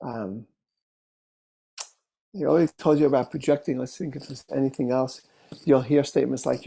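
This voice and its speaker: A male therapist talks through cases in a relaxed, unhurried way. His voice is mellow and dark with a gravelly texture and sits at a mid pitch. He speaks casually, pausing on fillers and restarting sentences. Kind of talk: casual teaching talk with case stories.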